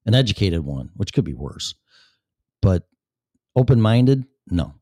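Blunt, sarcastic man with a low voice. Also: very animated, measured pace, mellow, dry recording, studio quality. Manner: blunt, sarcastic, swears freely. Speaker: talk show host. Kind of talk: casual solo show, reading chat aloud.

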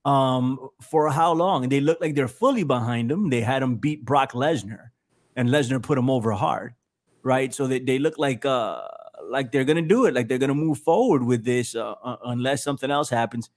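A man hosting a podcast in casual chat, animated and jokey, laughing often as he riffs. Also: medium pitch, moderate pace. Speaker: podcast host.

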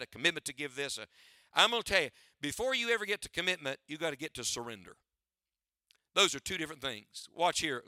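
This is a man's fairly high, bright voice, forceful in tone, as he preaches to his church as its pastor. Rhetorical questions and a preacher's cadence run through it, along with frequent requests that listeners write his points down. No echo; studio-quality sound.

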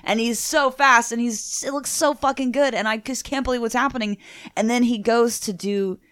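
A woman co-hosting a casual podcast chat, telling stories with lively energy and frequent swearing. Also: fairly high pitch, normal speed, clear, resonant tone, dry recording, studio quality. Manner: animated storyteller, swears freely. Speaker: podcast co-host.

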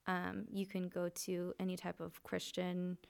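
A woman with a gravelly, fry-tinged voice tells her personal testimony in an earnest, conversational way. She often restarts her sentences and fills pauses as she speaks. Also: fairly low pitch, monotone. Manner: earnest, emotional, frequent fillers and restarts. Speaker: guest sharing testimony. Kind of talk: candid conversational storytelling.

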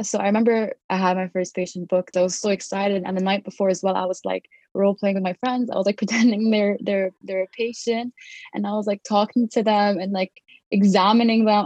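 A woman's voice: mid-range voice, darkish tone, dry recording. A young woman in her twenties, a dental student, chatting casually and telling a story full of fillers and quoted thoughts.

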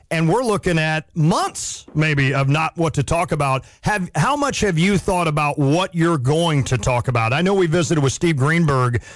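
A man's voice: fairly high pitch, no room sound, clean studio sound. Chatty male sports radio host. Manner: chatty, self-deprecating, quick asides. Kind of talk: casual sports radio chat.

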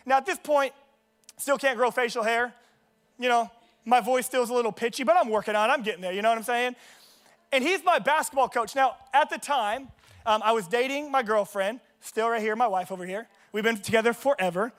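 A man's voice: extremely high pitch, fairly quick, fairly bright tone. A young man preaching a sermon in a casual, joking way, telling stories from his own life at a church service. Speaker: pastor. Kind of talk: sermon with personal storytelling.

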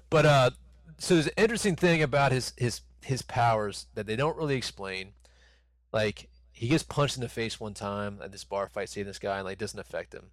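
A man's voice: fairly low pitch, fairly quick, no echo. A man in his thirties co-hosting a podcast, rambling and swearing in casual chat with lots of fillers. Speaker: podcast co-host.

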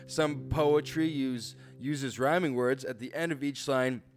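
A man's voice: mid-range voice, a little slow, soft background music. A man co-hosting a casual comedic chat, reading writing tips aloud with jokey asides. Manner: reads tips aloud with jokey asides, tags lines with "right?". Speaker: co-host.

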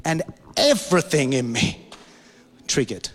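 A man's voice: a little high, big pitch swings, a little slow, a bit bright, faint music behind. A man in his forties preaching a sermon and telling a personal story, his voice rising and dropping with emotion. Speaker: pastor. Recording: long hall reverb.

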